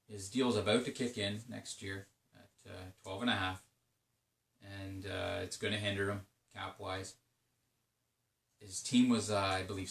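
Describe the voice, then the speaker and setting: A man's voice: fairly low pitch, creaky, a bit bright, reverberant, distant mic. A man talking through his league's trade-deadline day in a rambling, casual solo commentary, full of fillers and restarts. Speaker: video game league commentator.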